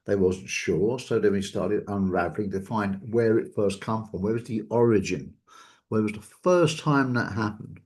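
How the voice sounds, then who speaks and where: A man's voice: lowish voice, moderate pace, a little mellow, slightly rough. A man hosting a casual talk show, asking reflective questions and thinking aloud. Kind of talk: casual discussion.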